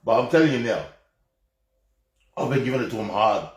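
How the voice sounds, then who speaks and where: A man's voice: medium pitch, animated, fairly quick. An Australian man ranting in a heated, rambling way on a live stream, swearing heavily and often restarting his sentences. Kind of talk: profane off-the-cuff rant. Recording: echoey room.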